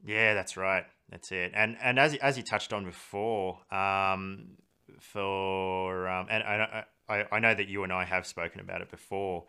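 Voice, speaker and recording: A man's voice: sits low, fairly even intonation, measured pace, bright, forceful tone, smooth. A man interviewing a guest, speaking in a hesitant, reflective way and repeating words as he searches for them. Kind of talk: reflective conversation.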